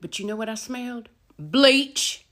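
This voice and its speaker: A middle-aged woman telling a casual storytime, animated, with loud emphasis and hushed asides. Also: fairly high pitch, unhurried.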